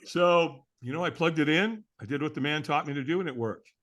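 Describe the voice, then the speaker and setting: Middle-aged guy telling a story, bright voice, acts out every line. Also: a little high, a little fast. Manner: animated storyteller who acts out the dialogue. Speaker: interview guest. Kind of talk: storytelling in a conversation.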